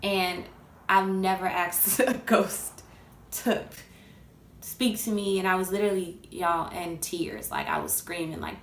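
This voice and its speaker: Gravelly-voiced woman telling a ghost story. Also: fairly low pitch, measured pace. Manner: candid, swears freely, addresses listeners as "y'all". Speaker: guest storyteller. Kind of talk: casual spoken ghost story. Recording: echoey room with steady background noise.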